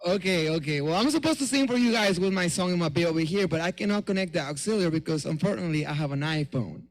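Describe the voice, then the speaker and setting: A man on stage warms up the crowd, calling for responses and asking for a show of hands. His voice sits high for a man. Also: fast, low-quality recording. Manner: crowd-prompting, call-and-response. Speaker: musical performer.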